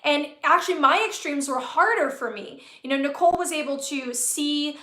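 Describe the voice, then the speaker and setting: A woman's voice: sits high, moderate pace, sharp tone, roomy sound. A woman hosting a live-stream talk as a spiritual business coach, speaking earnestly with many fillers and repeated phrases.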